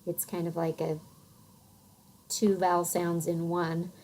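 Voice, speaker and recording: Slow, low-voiced Western American woman teacher. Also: monotone, a little hiss or hum, low-quality recording. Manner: unhurried, thoughtful, many soft fillers. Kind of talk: recorded phonics lecture.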